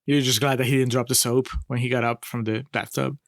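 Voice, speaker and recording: A man co-hosting a casual film review podcast, talking in an animated way, laughing often and swearing freely. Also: mid-range voice, brisk, creaky, no room sound, studio quality. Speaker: podcast co-host.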